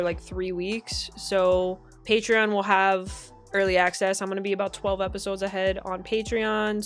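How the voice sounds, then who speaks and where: A young woman hosting a reaction stream. She talks in a blunt, profane and chatty way as she comments casually. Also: medium pitch.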